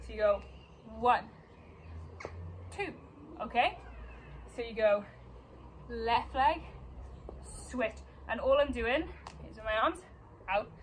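A woman's voice: a little high, a little hiss or hum, low-quality recording. Breathless woman counting dance steps. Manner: counts beats and scats moves aloud. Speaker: dance teacher. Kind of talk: dance class instruction. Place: dance studio.

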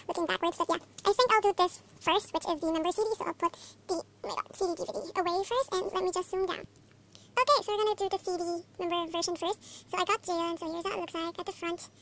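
A young woman from the Philippines chatting through a fan unboxing, gushing and excitable, with constant exclamations. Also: very high-pitched. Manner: gushing, excitable, many oh-my-gods. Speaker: vlogger. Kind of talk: casual unboxing chat. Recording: faint background noise.

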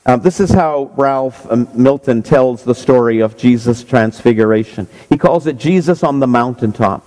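A man leading a church service, telling a children's story and guiding a congregation, gentle and a little halting. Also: medium pitch. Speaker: minister. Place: church sanctuary. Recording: long church reverb.

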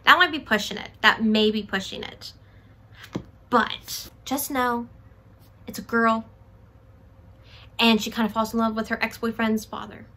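A woman book vlogger talking through a book haul in a casual, chatty way, excitable and self-deprecating. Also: on the high side, measured pace, long pauses, background noise.

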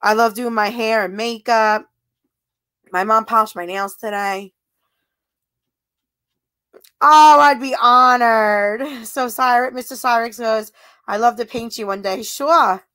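A woman talking at a slow, easy pace in a high voice, chatting casually with viewers on her livestream. She giggles often and sounds flattered as she answers their comments. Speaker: livestream host.

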